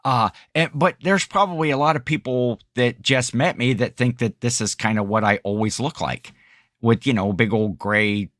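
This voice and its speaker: A man's voice: medium pitch, normal speed, fairly bright tone, no room sound. Rambling middle-aged man with a dry sound. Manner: rambling, laughs often, self-correcting. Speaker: podcast co-host. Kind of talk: casual chat.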